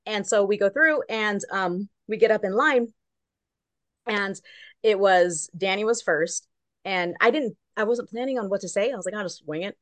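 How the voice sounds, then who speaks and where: A woman's voice: mid-range voice, normal speed, no echo. A woman from Long Beach, California, a guest correspondent who tells a story in casual chat and acts out each quote.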